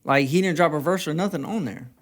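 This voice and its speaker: A man's voice: on the high side, quick pace. A man co-hosting a podcast, bantering and teasing as he goes through his album review notes. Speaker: podcast co-host. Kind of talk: casual album review chat.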